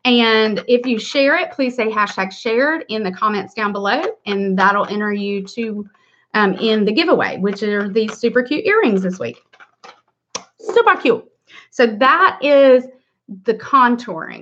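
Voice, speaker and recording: A woman's voice: on the high side, measured pace, fairly bright tone. Middle-aged woman, chatty livestream makeup host, upbeat, slightly dull lo-fi audio. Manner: chatty, greets viewers by name, upbeat. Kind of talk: casual livestream makeup tutorial.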